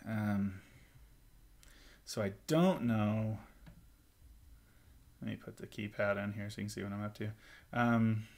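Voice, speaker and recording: A man's voice: on the low side, background noise. A man working through a vocal arrangement at his computer, thinking aloud with lots of ums and hums. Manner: halting and self-talking, many ums, hums bits of melody. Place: at a computer with notation software. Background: song recording playing.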